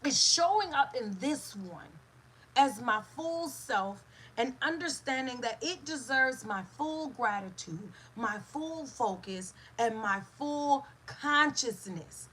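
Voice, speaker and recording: A woman giving an inspirational talk as host, emphatic and repetitive, dropping to a hush for stress. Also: sits high, lively intonation, slow, slight background noise, rough recording. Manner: emotional, speaks to a live listener.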